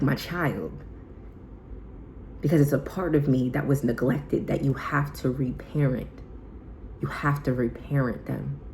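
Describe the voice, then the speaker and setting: A woman vlogger giving a heartfelt self-help talk in a soft, intimate, casual way, often slipping into whispers. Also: extremely low pitch, vocal fry, a little hiss or hum, poor audio.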